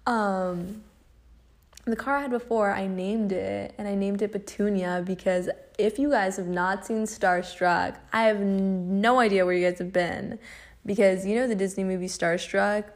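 Gravelly-voiced young woman chatting casually. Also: medium pitch, steady tone, normal speed. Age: young adult. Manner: chatty, swears a lot, laughs often. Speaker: podcast host. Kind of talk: casual storytelling podcast.

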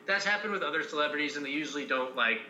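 A man's voice: fairly high pitch, lively intonation, very fast, bright, forceful tone, echoey room, slight background noise, low-quality recording. A man co-hosting a podcast, laughing and swearing as he jumps into stories. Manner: profane, laughing, eager storyteller. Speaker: podcast co-host. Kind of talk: casual chat.

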